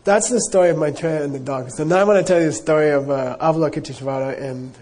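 Mellow, husky Buddhist teacher. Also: male voice, fairly high pitch, fast talker. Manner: casual, rambling, many fillers. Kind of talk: dharma talk storytelling.

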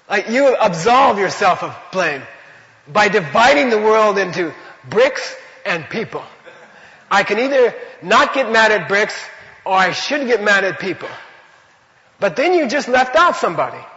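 High-voiced man teaching in an echoey hall. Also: sharp tone, dull audio. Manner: conversational, repetitive, with rhetorical questions. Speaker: Buddhist teacher. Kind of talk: teaching a dharma class.

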